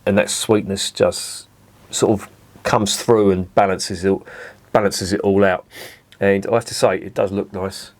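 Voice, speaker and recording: A man with a slightly low voice talks through a beer tasting in a relaxed, rambling way. He savours each sip and circles back on his points, stopping now and then to pick the right word. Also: unhurried. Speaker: beer reviewer. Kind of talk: casual tasting review to camera.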